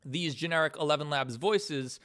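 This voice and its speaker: A man's voice: fairly high pitch, moderate pace, a bit bright. A man casually chatting on a live stream from his home computer setup, rambling and correcting himself as he talks. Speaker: animator streaming his work.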